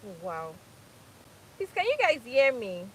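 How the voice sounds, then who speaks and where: A woman's voice: a little high, wildly swooping pitch, a little slow, fairly bright tone, slight background noise, rough recording. A Nigerian woman in her thirties from Port Harcourt, hosting a casual live chat, laughing often and repeating phrases for emphasis. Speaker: live stream host.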